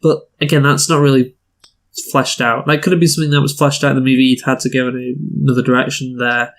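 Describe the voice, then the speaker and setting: A man's voice: medium pitch, level tone, fast talker, fairly bright tone. A man co-hosting a casual film review chat, opinionated and blunt, often acting out lines in put-on voices.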